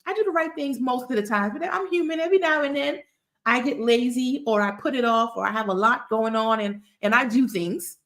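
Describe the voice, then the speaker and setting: A woman's voice: a little high, a little fast, fairly bright tone. A woman, a tax resolution expert giving casual advice straight to camera. She tells stories with plenty of emphatic asides. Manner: chatty, emphatic, storytelling with asides.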